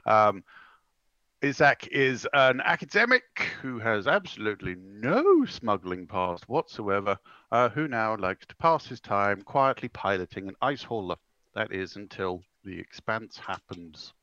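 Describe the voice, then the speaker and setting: A man's voice: on the low side, very animated, a little slow, bright, forceful tone, no echo. A man introducing his tabletop character in a joking, teasing way. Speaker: player. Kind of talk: casual chat at a game table. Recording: dull, dry sound.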